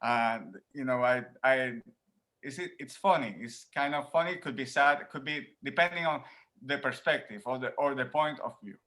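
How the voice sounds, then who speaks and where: A man from Rico, a professor answering interview questions in an animated way, laughing often and repeating words as he thinks, talking from home. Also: mid-range voice, normal speed. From Puerto Rico. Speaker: professor guest.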